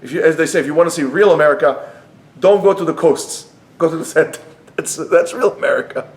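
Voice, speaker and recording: A man's voice: a little high, a little fast. A man teaching an informal Torah class at a yeshiva, talking conversationally and often restarting his phrases. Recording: echoey room.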